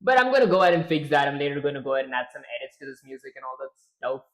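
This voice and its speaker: A man's voice: mid-range voice, big pitch swings, very fast, fairly bright tone. A man hosting a programming livestream, chatting casually, narrating his own steps and answering questions from the chat. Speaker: livestream host.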